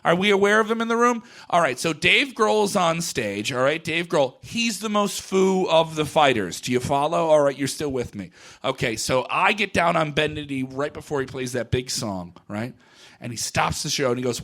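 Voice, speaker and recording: A man telling a comic story live on stage to an audience, sliding from hushed deadpan asides into shouted, profane rants. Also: on the high side, moderate pace, vocal fry. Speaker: comedian doing stand-up bit. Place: live event venue with audience.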